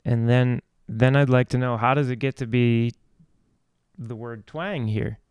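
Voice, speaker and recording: A man's voice: mid-range voice, steady tone, measured pace, darkish tone, clear, resonant tone, dry recording, highs cut off. A man hosting a casual video chat about singing, rambling and restarting his thoughts. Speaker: host.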